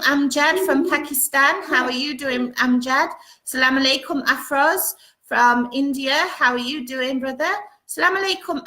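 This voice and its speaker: Woman, live chat host, casual, greets viewers by name, bright forceful voice, roomy echo. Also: high-pitched. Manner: greets viewers one by one, reading out comments. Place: home.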